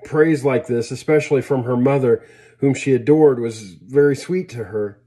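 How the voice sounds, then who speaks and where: A man reading a story aloud in a plain, unhurried way with small slips and restarts. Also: mid-range voice, dark tone. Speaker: reader.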